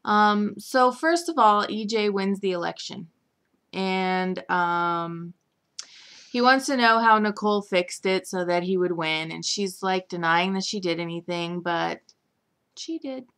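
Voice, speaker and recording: Young woman host, bright tone, giggly casual recap chatter. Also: medium pitch, measured pace, clean tone. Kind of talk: casual chat.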